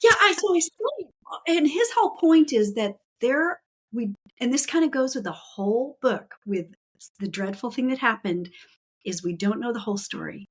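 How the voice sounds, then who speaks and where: A woman's voice: on the high side, expressive, normal speed, breathy edge. A woman author as a podcast guest, telling stories with enthusiasm and frequent laughter in casual chat. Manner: enthusiastic storytelling, laughs often.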